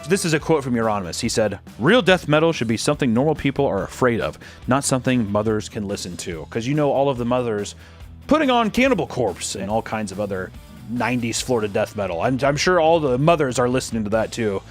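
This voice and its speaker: A man's voice: mid-range voice, expressive, quick pace, faint music behind. A man hosting, telling a story casually in a sarcastic, joking way and swearing freely. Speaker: host.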